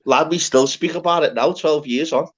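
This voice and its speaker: A man's voice: a little high, moderate pace, breathy edge, lo-fi sound. A man from Scotland telling a rambling, swear-filled party story in casual chat, repeating "lad" as he goes.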